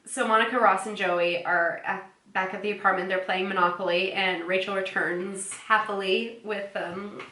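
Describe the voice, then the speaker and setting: A woman's voice: medium pitch, steady tone, moderate pace, bright, forceful tone. A woman casually recapping episodes as a podcast co-host, chatty and giggly, often acting out quoted lines. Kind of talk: casual chat. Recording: echoey room.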